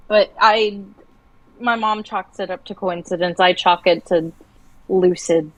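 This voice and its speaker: A woman's voice: mid-range voice, takes it slowly, pauses often, dry recording, highs cut off. A woman on a livestream, chatting casually and telling a long dream story with many restarts. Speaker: livestream co-host.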